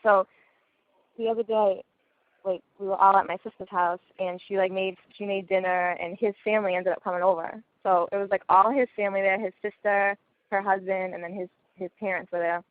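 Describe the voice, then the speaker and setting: A woman's voice: mid-range voice, steady tone, a little fast, dry recording. A woman telling a story in casual chat, blunt and laughing often. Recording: tinny phone-like line.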